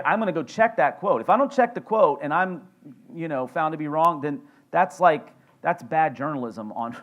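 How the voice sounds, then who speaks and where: A man preaching a sermon as pastor in a relaxed, conversational way, with joking asides. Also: fairly high pitch. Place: church sanctuary.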